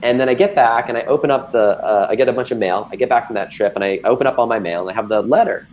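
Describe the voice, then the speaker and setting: A man in his thirties, appearing as a guest, candidly recounts a personal health scare in conversation, full of ums and restarts. He talks fast at a medium pitch with a darkish tone. The audio is dull, with a little hiss or hum.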